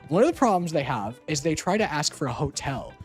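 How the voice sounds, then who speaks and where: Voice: medium pitch, very animated, a little fast, faint music behind. A streamer chatting casually on a call, rambling and teasing playfully with lots of filler words.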